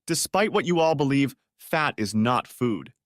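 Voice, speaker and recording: A man's voice: medium pitch, expressive, brisk, fairly bright tone, no room sound, studio quality, close to an everyday voice. A man voicing a sneering, self-pitying ex-wife who puts on a false charm. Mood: sneering sweetness. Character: sneering, whiny woman, the hero's ex-wife.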